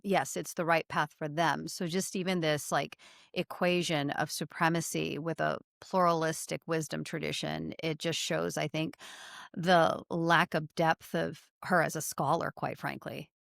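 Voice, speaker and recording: A woman on a casual panel speaks bluntly and to the point. Her voice is somewhat low. The sound is dry and close-miked. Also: flat delivery, a little slow, creaky, a bit bright, dry recording.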